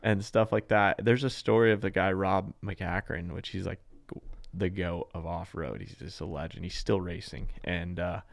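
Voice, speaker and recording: Guest racer, low gravelly male voice, chatty and rambling, dry close mic. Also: moderate pace, no echo. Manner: rambling, animated, heavy use of "like". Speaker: off-road truck racer, guest. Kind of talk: casual podcast conversation.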